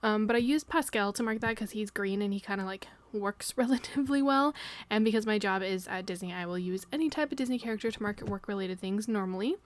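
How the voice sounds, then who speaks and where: A woman's voice: mid-range voice, quick pace. Giggly young woman rambling chattily. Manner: rambling, giggly, lots of fillers. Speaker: planner vlogger. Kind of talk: casual chatty voice-over.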